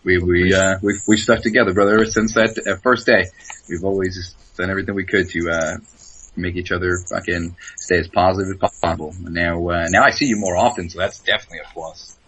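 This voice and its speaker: A man's voice: low voice, fairly even intonation, quick pace, a bit bright, slight background noise, rough recording. A man in his twenties, a wrestler guest, chatting in a laid-back way and laughing often. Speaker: interview guest, pro wrestler. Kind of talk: casual chat.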